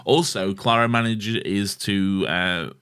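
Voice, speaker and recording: A man's voice: fairly low pitch, slow, a bit bright, clear, resonant tone, no echo, studio quality. A man co-hosting a podcast in casual chat, teasing and swearing freely. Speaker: podcast co-host.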